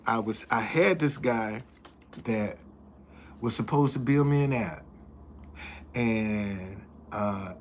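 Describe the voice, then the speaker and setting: Slow, earnest man streaming live. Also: mid-range voice, fairly bright tone, slight background noise. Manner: earnest, repeats himself, thanks viewers as he talks; shows items to the camera while talking. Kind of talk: casual live-stream talk.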